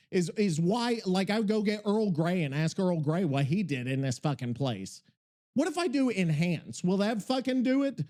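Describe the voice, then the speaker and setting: A man's voice: sits high, very animated, moderate pace, a little mellow. A man hosting a podcast live, ranting in exasperation and swearing, repeating his questions. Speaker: podcast host. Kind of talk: casual live podcast chat.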